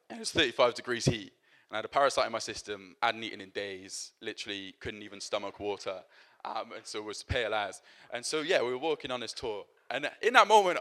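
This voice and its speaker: A man delivering a sermon to his church. He speaks in an easygoing, conversational way, often pausing on fillers and restarting his sentences. His voice sits at an ordinary middle pitch. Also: a bit bright. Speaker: preacher.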